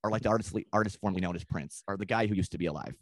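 With a deep voice and no room sound at all, a comedian guesting on a podcast spins out a long funny story. He rambles and swears, now and then slipping into quick impressions.

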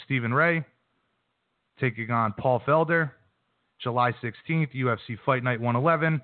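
A man's voice: medium pitch, moderate pace. Male radio host, brash sports-talk delivery, thin lo-fi phone sound, no room echo. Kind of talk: sports news recap and interview. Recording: dry phone-quality line.

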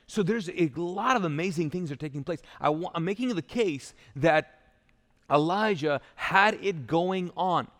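A man preaches a sermon in a loose, joking storytelling manner. His voice sits a bit higher than most men's. The sound is a live church recording, with a long reverb tail off the hall walls. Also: a little slow, a bit bright. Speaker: pastor.

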